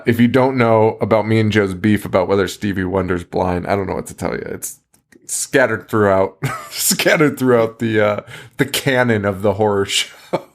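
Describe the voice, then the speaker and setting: A man hosting a podcast, casually retelling a film's plot while laughing often, swearing and restarting his sentences. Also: fairly low pitch. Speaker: podcast host. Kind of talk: casual movie recap.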